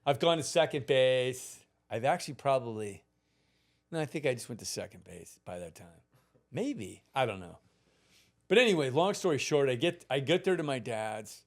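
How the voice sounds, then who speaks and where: A man around sixty spins a story as a podcast guest, lively and loose, cursing now and then and laughing as he goes. His voice sits at an ordinary middle pitch. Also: normal speed. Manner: animated, profane, laughs through his stories. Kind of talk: casual storytelling.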